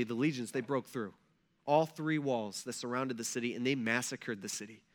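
A man preaching a sermon in a casual, animated way, swinging between soft asides and loud emphasis, often checking in with "right?". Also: fairly high pitch. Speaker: pastor.

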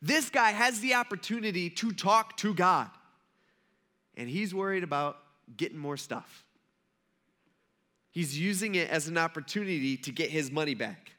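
A man's voice: sits high, lively intonation, normal speed, long pauses, bright, forceful tone. A young man preaching a sermon in a casual, conversational way, often acting out quoted voices. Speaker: pastor.

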